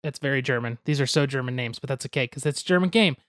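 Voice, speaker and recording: A man's voice: medium pitch, quick pace, a bit bright, dry recording, studio quality. A young man hosting a podcast, explaining a card game step by step with goofy asides and hedges. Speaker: podcast host explaining board games.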